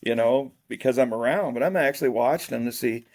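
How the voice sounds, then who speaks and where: A man's voice: mid-range voice, fast talker, darkish tone. An older man chatting casually, rambling through old memories. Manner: rambling, reminiscing. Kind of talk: casual chat.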